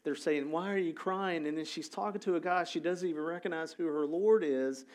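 Male pastor, sermon, loose conversational delivery with lots of fillers, slightly high voice. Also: brisk. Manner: conversational, animated storytelling with frequent fillers.

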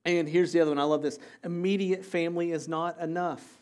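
A male pastor preaching a sermon, energetic and repeating key phrases for emphasis. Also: on the high side, a little fast, clean tone.

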